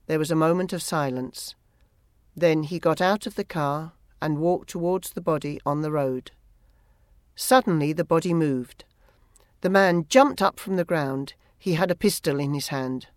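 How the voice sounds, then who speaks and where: An audiobook narrator who reads a first-person story in a steady, measured way. The voice sits in a middle pitch, recorded close up with no room echo.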